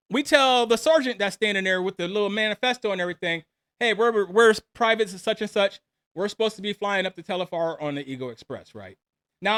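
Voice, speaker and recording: A man in his forties, an army veteran, telling a personal war story in a casual, animated way, acting out the dialogue and laughing between lines. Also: high voice.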